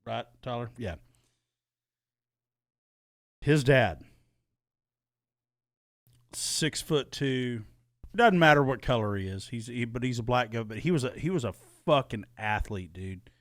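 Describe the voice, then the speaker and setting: A man tells a personal story on a podcast, cursing freely and acting out heated arguments as he goes. His voice sits at an ordinary pitch, recorded close and dry with no room sound. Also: a little slow, long pauses, dry recording. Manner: profane, animated storytelling with heated re-enacted quotes. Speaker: podcast co-host. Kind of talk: casual storytelling chat.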